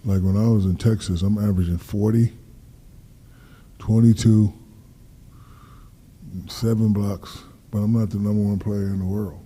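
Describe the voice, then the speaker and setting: In a relaxed interview, a fifty-something guest athlete tells lively stories, performing the dialogue and cursing without restraint. He has a lowish voice, speaks at normal speed and pauses often.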